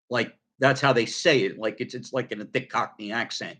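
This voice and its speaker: A middle-aged man talks casually to his viewers about a record he loves. His voice sits at an ordinary middle pitch. He rambles, restarts his sentences and fills pauses with ums. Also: fairly even intonation, a bit bright. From United States. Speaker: record collector vlogger.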